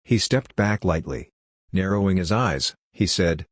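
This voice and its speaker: A man's voice: low voice, animated, unhurried, no room sound. A man giving a wry, matter-of-fact first-person audiobook narration into a close mic.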